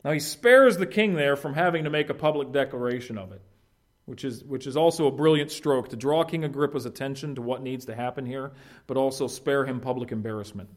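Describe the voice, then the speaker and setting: A pastor preaching a conversational sermon, animated and informal, often restarting his phrases. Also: medium pitch, a little fast.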